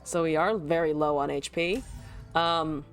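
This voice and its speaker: A woman with a low voice talks at a measured pace over faint music while streaming a card game. She chats casually with her viewers, swearing and laughing often as she gives loose commentary on her play.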